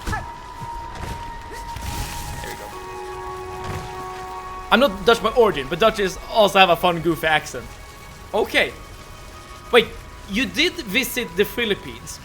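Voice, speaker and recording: A man's voice: high-pitched, big pitch swings, measured pace, long pauses. A young man with a Swedish accent chatting with his live-stream viewers while playing a game. He stammers and repeats words a lot and laughs often. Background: soft game music.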